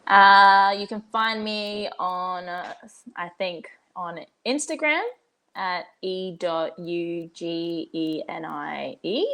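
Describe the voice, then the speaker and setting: A woman's voice: lowish voice, takes it slowly, a bit bright. A woman from Australia, a wrestler guest on a podcast, answering hesitantly and laughing along. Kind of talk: casual interview chat.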